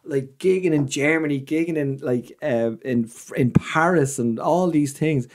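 Man, irish accent, comedian, animated storyteller, swearing, somewhat high pitch. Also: a little slow, background noise. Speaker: comedian guest. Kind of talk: casual storytelling chat.

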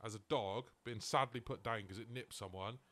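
A man's voice: lowish voice, moderate pace, dry recording. A man, co-hosting a casual podcast and telling an anecdote, acting out the people in it. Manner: animated storyteller, acts out quotes. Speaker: podcast co-host. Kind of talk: casual chat.

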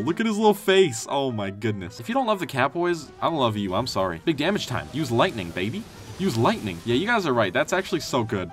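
A young man giving excitable, jokey gameplay commentary and trash-talking enemies as he plays. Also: mid-range voice. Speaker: gaming youtuber. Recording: faint game music behind.

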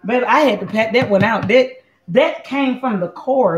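A playful, chatty woman hosting a cooking show, her voice sitting a little high. She talks straight to her viewers in a relaxed, joking way. The sound is dull and lo-fi, with an echoey room around her. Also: moderate pace. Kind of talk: casual live cooking chat.

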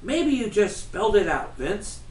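Brief: soothing middle-aged mom, read by a man, high lively voice, echoey. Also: a little slow. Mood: gentle. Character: hopeful, gentle middle-aged mother. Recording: roomy, from far off.

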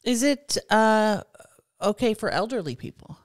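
A woman's voice: mid-range voice, lively intonation, measured pace, no echo, clean studio sound. A woman who is a guest on a podcast, chatting playfully and asking teasing questions. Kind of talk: casual chat.

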